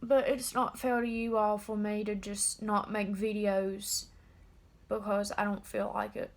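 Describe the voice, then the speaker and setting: An eighteen-year-old woman talking straight to camera in a personal confessional vlog, subdued and halting. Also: medium pitch, little pitch movement. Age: about 18. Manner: subdued, halting and openly emotional. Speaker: vlogger.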